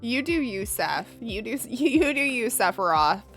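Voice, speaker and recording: A woman's voice: fairly high pitch, a bit bright. A young woman streaming live, chatting in a bubbly, giggly way and greeting viewers by name. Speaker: livestreamer. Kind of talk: casual live-stream chat.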